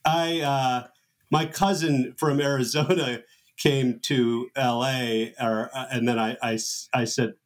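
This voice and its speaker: A man's voice: medium pitch, fairly even intonation, measured pace. A man hosting a podcast, chatting casually and rambling through a story with laughs. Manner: laughing, rambling, self-mocking. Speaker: podcast host. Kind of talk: casual chat.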